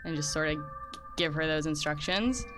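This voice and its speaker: A woman's voice: sits low, normal speed, music in the background. A woman playing a tabletop game who speaks casually and playfully, with hesitant fillers. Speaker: player.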